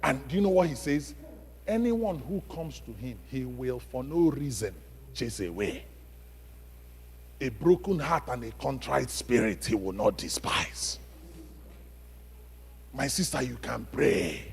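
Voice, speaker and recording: Emphatic preacher in a church hall. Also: male voice, mid-range voice, lively intonation, measured pace, creaky, pauses often, breathy edge. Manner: emphatic, call-and-response questions, swings from loud to hushed. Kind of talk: sermon. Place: church sanctuary. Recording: long reverb of a church hall.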